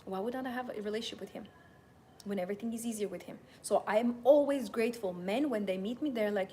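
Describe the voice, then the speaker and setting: A woman's voice: mid-range voice, fast talker, warm tone, slight background noise. A young adult woman hosting a live motivational talk, speaking in a passionate, emphatic, self-assured way. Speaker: host and femininity coach.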